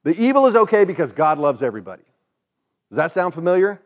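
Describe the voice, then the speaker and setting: A man preaches a sermon in a relaxed, conversational way. His voice sits a bit on the high side, and he briefly acts out the voices of the people he quotes. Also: quick pace. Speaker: pastor.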